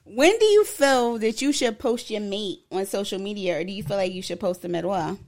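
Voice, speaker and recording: A woman's voice: mid-range voice, animated, fairly quick, darkish tone. A woman co-hosting a casual podcast chat, talking things through and asking questions. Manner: chatty, questioning, thinking aloud. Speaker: podcast co-host.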